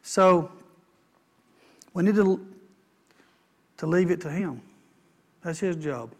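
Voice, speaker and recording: A pastor with a high, husky voice preaches a sermon at a slow pace. He's folksy, repeats his lines, and calls on the congregation for amens.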